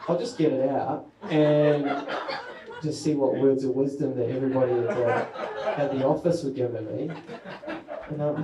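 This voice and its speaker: A man's voice: mid-range voice, steady tone, normal speed, very noisy. A man, doing a rambling, self-mocking stand-up set about parenting. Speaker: stand-up comedian. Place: comedy venue with an audience. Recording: echoey room.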